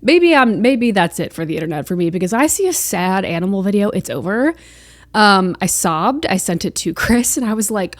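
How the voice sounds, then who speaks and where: A woman's voice: medium pitch, animated, normal speed, no echo. A young woman hosting a podcast, chatting casually and emotionally, gushing with lots of fillers. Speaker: podcast host. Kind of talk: casual chat.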